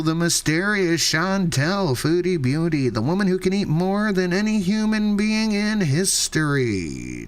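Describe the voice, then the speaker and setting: A man playing an old-time carnival barker, theatrical and booming. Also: fairly bright tone, clear, resonant tone.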